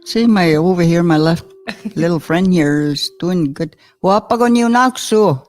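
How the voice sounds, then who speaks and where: A woman with a fairly low, steady and warm voice gives a slow, patient language lesson. She chats between words, chuckles frequently and carefully enunciates each new term, with soft music playing in the background.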